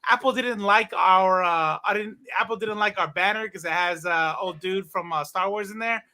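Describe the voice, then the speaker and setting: A man's voice: sits high, moderate pace, bright, forceful tone. A man hosting a casual online comics chat in a loose, joking way. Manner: laid-back, joking. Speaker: podcast host.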